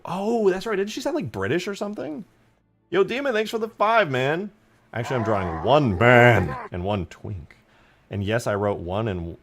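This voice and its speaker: A young man chatting on a live stream from home, rambling and swearing freely as he works on a game mod and answers viewers. His voice sits on the low side, with faint music playing in the background. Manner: rambling, profane, reads chat aloud. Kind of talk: casual live-stream chat.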